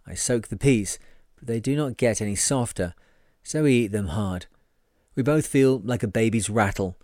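A man reading a sailing memoir aloud in a measured, wry first-person delivery. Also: on the low side, darkish tone, no room sound, studio quality. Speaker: reader.

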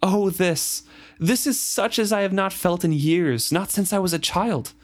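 A man's voice: high voice, a little slow, voice pushed up. A man reading aloud and voicing an exultant, mystical young man from a fantasy novel. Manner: exalted and theatrical.

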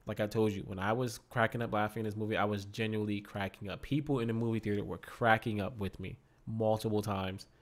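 A man with a lowish voice gives his film review in relaxed podcast chat. He sounds upbeat and enthusiastic, and readily agrees with his co-host. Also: quick pace, hardly any pauses. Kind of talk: casual movie review chat.

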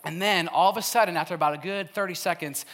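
Young male youth speaker from Wisconsin, bright and a bit high, casual storytelling sermon full of "like". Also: fast talker. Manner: casual and chatty, laughs often, heavy use of "like". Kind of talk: storytelling sermon to a live audience.

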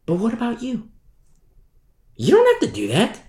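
A man's voice: extremely high pitch, wildly swooping pitch, normal speed, a little mellow. A man preaching a sermon as pastor, emphatic and repetitive, often asking his listeners "you see?". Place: church hall. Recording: echoey room.

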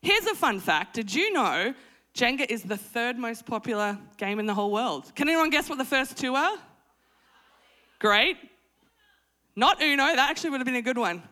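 A woman in her thirties preaching at a conference, mixing prayer with humorous family stories, soaring high for emphasis and dropping soft and low when she prays. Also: moderate pace. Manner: animated, jumps to high exclaiming pitch for emphasis. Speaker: conference speaker. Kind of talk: sermon with prayer and humorous storytelling. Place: conference hall stage.

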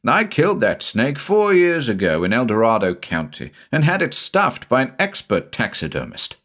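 A man reading aloud, voicing a suave, calm gentleman writer who speaks in a smooth, purring way. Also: fairly low pitch, takes it slowly, heavily acted. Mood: calmly assured. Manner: suave, purring, coolly reasoning. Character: urbane, unflappable gentleman writer.

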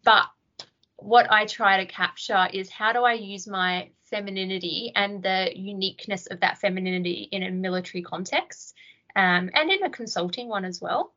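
A woman's voice: medium pitch, normal speed, pushed and bright, dull audio. A woman, a podcast guest, reflectively telling stories from her military service. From Australia. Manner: reflective storytelling. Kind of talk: podcast interview.

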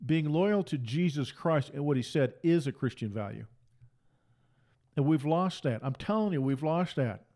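Fiery preacher, high-pitched. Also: male voice, lively intonation, moderate pace, mellow. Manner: emphatic, repeats phrases for force. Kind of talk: fiery sermon.

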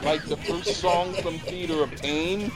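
A man co-hosting a casual chat, rambling and halting, repeating words as he searches for what to say. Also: high voice, steady tone, over loud music. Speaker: podcast co-host.

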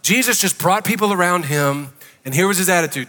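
A man's voice: sits high, a little fast, pushed and bright, in a large hall. A man preaching a sermon as pastor, emphatic and conversational, asking the congregation questions. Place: church sanctuary.

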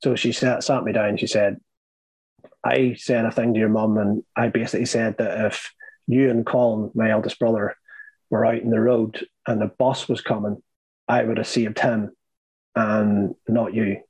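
A man's voice: fairly low pitch, little pitch movement, normal speed, a little mellow, husky, no echo, low-quality recording. A middle-aged man with a Northern Irish accent telling his life story in a rambling, candid way, full of fillers and blunt swearing. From Northern Ireland.

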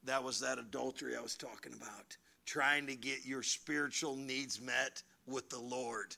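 Male pastor, gravelly and sharp-toned, preaching by storytelling, drops to hushed asides then builds to near-shouts. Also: medium pitch, fairly even intonation, normal speed. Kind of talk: sermon.

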